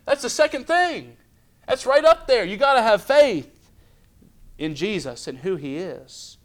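A man's voice: high-pitched, big pitch swings, unhurried. A man pastor preaching a midweek Bible study sermon, reading scripture aloud, asking the congregation questions and acting out little scenes, with frequent restarts. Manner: preaching with rhetorical questions and dramatized asides. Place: church.

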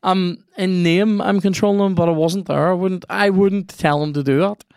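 A man's voice: high voice, fairly even intonation, moderate pace, smooth, dry recording, clean studio sound. A man hosting a podcast, chatting casually and swearing as he rambles and reacts aloud to a video game he is playing. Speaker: podcast host.

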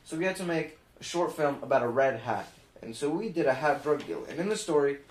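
A man's voice: fairly high pitch, animated, brisk, slight background noise. Teen boy rambling through a story. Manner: rambling, uses "like" and "and then". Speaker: podcast co-host. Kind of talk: casual storytelling. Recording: roomy home recording.

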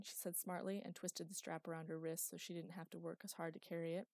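Woman, audiobook narration, steady storytelling, lowish voice, dry close recording. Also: fast talker, few pauses, no room sound. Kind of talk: scripted narration.

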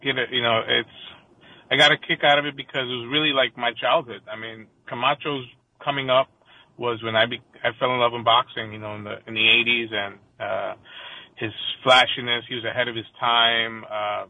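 A man's voice: mid-range voice, fairly even intonation, brisk, no echo. New York man on a tinny phone line. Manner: hesitant, many fillers. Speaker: radio guest, boxing analyst. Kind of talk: radio talk show.

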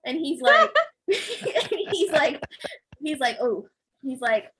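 A woman's voice: high-pitched, very animated, slow pace, a bit bright, slight background noise, rough recording. A woman who works as a physical therapist, animatedly telling a story in casual chat, acting out the voices and laughing often.

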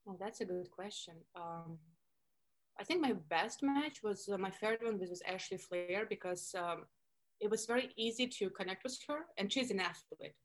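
A woman from Russia with a Russian accent, chatting as a podcast guest and telling lively stories, often acting out what people said. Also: medium pitch, normal speed, rough recording. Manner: animated storytelling, acting out quoted lines, many likes. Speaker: podcast guest, former wrestler. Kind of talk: casual interview chat.

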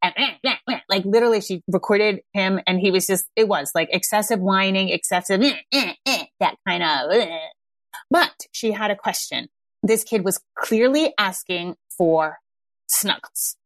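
A woman's voice: mid-range voice, moderate pace, no room sound. A woman in her thirties, a parenting coach hosting a podcast, talking casually and often checking in with "right?" and "yeah?". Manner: conversational, frequent tag questions like "right?" and "yeah?". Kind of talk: casual advice talk.

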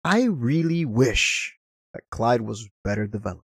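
Male vlogger reviewing a film, mid-pitched, conversational, a few verbal stumbles. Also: expressive, unhurried, breathy edge, dry recording, clean studio sound. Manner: chatty, apologetic asides, stumbles over words. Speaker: movie reviewer. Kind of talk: casual movie review commentary.

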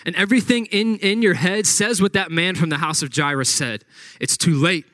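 A man delivers a sermon with a fairly high voice. He reads scripture and then retells it dramatically, acting out what the people said. The sound is dry and close, with no room echo. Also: a little fast, a bit bright. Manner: dramatic retelling with acted-out quotes. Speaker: pastor.

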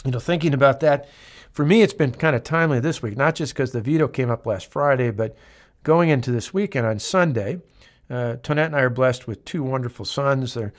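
A man's voice: mid-range voice, fairly quick. Earnest middle-aged man hosting a podcast. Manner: earnest, emphatic, many filler restarts. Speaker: podcast host. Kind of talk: political commentary monologue.

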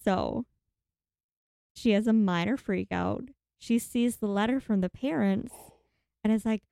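A woman recapping a horror movie in casual chat, animated and dramatic, acting out the characters' lines. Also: medium pitch, unhurried, vocal fry, pauses often, dry recording, clean studio sound.

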